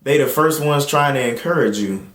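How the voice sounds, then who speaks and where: A man's voice: normal speed, a bit bright. Man preaching in an echoey room. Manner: rises in pitch to act out crowd voices; conversational, with fillers and restarts. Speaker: host and preacher. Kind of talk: casual sermon with scripture reading.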